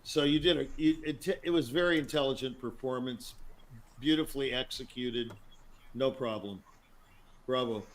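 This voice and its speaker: A man's voice: medium pitch, moderate pace, rough recording. Hesitant male piano judge on a call. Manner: rambling, hesitant, encouraging. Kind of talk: spoken feedback on a performance.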